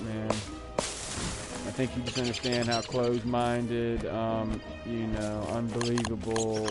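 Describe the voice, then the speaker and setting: A man live streaming who chats in a casual, rambling and digressive way, talking back to his viewers. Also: mid-range voice. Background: music.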